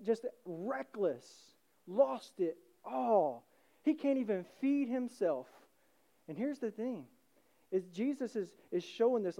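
Mellow-voiced man preaching conversationally. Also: sits high. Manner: conversational preaching, acting out voices, swings from loud to hushed. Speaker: pastor. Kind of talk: sermon.

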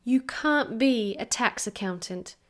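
A woman voicing a gentle, patient grown man in a storybook, speaking softly and plainly. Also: fairly high pitch, lively intonation, slow. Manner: soft and gentle. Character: gentle patient adult man, kind listener.

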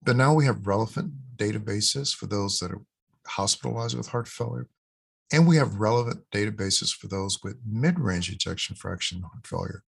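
A man, a cardiologist, explaining new heart failure guidelines in an interview, measured and emphatic, repeating key points. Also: on the low side, vocal fry, slightly rough. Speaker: cardiologist guest, guideline author.

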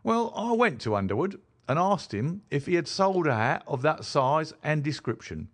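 An eager police detective , as a male narrator puts him on, tells of his inquiry with brisk self-satisfaction. The voice is lively and a little high. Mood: boastful.

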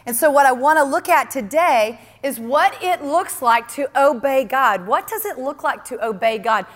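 A woman's voice: high-pitched, moderate pace, big-room sound. A woman preaching a sermon in an earnest, emphatic way, often repeating key phrases.

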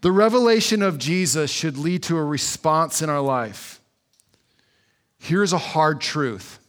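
A man preaching a sermon in an earnest, conversational way, slowing down for emphasis. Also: on the high side, lively intonation, fairly bright tone. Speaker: pastor.

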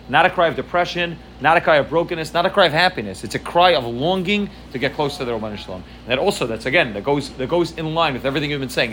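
A man's voice: a little high, a bit bright, a little hiss or hum. A man teaching a religious class, earnest and repeating words as he searches for his phrasing. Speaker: Torah teacher.

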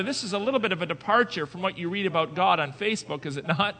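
Fast and with hardly any pauses, a male pastor whose voice sits high delivers a sermon trailed by long reverb. Quiet asides give way to loud declarations, and he keeps asking the congregation rhetorical questions.

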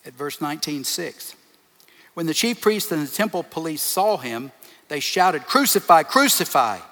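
The long reverb of a large hall surrounds a pastor preaching emphatically, building his sermon from short repeated phrases. He speaks at normal speed in a slightly high, expressive, fairly bright voice.

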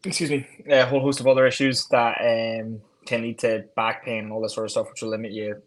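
A man's voice: mid-range voice, little pitch movement, brisk. A man co-hosting a casual podcast as a fitness coach, matter-of-fact and rambling, with frequent laughs. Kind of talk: casual chat.

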